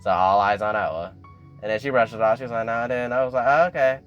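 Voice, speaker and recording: A young man talking casually as he recaps a TV episode, acting out characters' lines in a higher voice. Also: fast, highs cut off, soft background music. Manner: chatty, animated, acts out characters' lines with raised pitch. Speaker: YouTube recap host.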